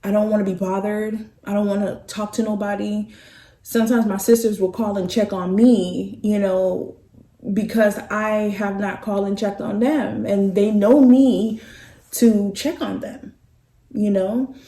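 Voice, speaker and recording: A middle-aged woman telling a personal story in a slow, halting, heartfelt way to her vlog viewers. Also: medium pitch, fairly even intonation, dark tone, far from the mic. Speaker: vlogger. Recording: echoey room, off-mic.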